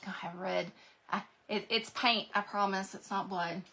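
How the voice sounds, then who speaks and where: A woman with a bright, forward voice talks through a live craft session, rambling to her viewers as she paints. Her speech is loose and conversational, thinking aloud at a middling pitch. A faint hum of noise sits behind her. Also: steady tone, measured pace. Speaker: craft livestream host. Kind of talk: chatty live craft demo.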